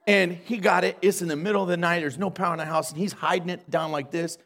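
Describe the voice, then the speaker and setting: A man's voice: high voice, steady tone, fast talker, fairly bright tone. A man preaching as a pastor, telling a story animatedly, acting out the dialogue and laughing along. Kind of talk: storytelling sermon.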